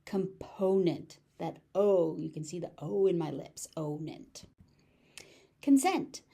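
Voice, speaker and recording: A woman with a General American accent teaching pronunciation, repeating each word slowly and deliberately. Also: fairly low pitch, animated, gravelly, warm tone, breathy edge. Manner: slow, deliberate word drilling with repeated examples. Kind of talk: pronunciation lesson.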